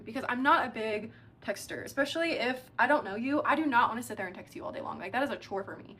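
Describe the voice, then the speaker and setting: A young adult woman telling a dating story in a casual, animated way, with lots of "like" fillers. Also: fairly high pitch, quick pace, a little hiss or hum. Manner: chatty, animated, heavy use of filler "like".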